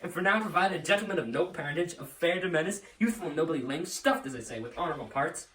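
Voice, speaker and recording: A man's voice: a little high, animated, fast talker, recorded from a distance, crowd noise, natural voice. A man playing a furious, domineering nobleman father in an amateur Shakespeare reading, with blustering, theatrical rants. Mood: raging. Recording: roomy echo, off-mic.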